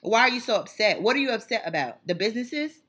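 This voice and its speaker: Fiery bright-voiced woman ranting. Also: a little high, expressive, quick pace, slightly rough. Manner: fiery, emphatic, repetitive. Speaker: channel host. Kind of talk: impassioned monologue.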